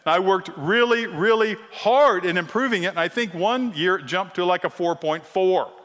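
A middle-aged man teaching a sermon-style lesson, animated and teasing, often checking in with the crowd. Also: high-pitched, normal speed. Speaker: Bible teacher. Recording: long reverb of a large hall.

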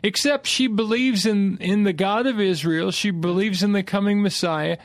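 A man's voice: high voice, steady tone, normal speed, no echo, clean studio sound. A man hosting a radio Bible discussion who affirms his guest and asks short questions. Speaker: radio show host.

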